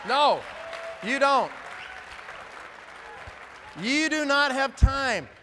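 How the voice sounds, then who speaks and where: A man's voice: very high voice, expressive, drawn-out words, big-room sound, crowd noise, noisy background. A man giving an emphatic motivational talk at a conference, firing off rhetorical questions. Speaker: motivational speaker.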